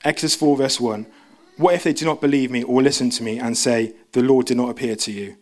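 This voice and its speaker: A young man preaching a casual sermon in church, chatty and self-interrupting, acting out quoted voices in a raised pitch. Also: fairly even intonation, fast.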